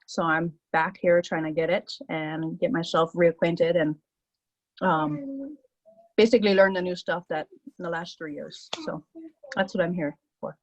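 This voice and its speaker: A woman's voice: on the low side, measured pace, no echo. A woman firefighter introducing herself in an online class in a chatty, self-mocking way. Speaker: firefighter student. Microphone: video call. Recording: dry, muffled video-call audio.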